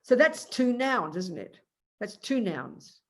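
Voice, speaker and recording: An older woman gives a Buddhist teaching in an emphatic, animated way. She argues point by point and slips into quick acted-out exchanges to make her case. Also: mid-range voice. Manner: animated, emphatic, acts out little dialogues. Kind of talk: dharma teaching.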